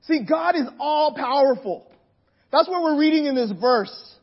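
A hoarse man preaching a sermon to a congregation, impassioned, sinking to a hush and then swelling to near shouts. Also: extremely high pitch, expressive, a little slow, dull audio. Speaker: pastor. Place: room with a gathered congregation.

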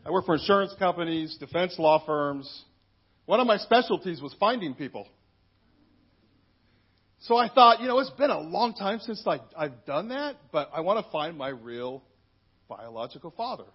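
A man's voice: a little high, sing-song, normal speed, husky, muffled recording. A man in his fifties, a minister, telling his own story in a candid, conversational church testimony with plenty of asides. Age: 50s. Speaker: minister giving a personal testimony.

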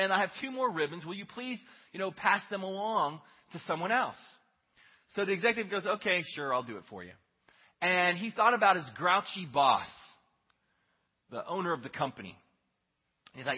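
A man preaching a Sunday sermon, telling a story in an earnest, conversational way that swings between hushed and emphatic. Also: on the high side, husky. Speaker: pastor. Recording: echoey hall, dull lo-fi sound.

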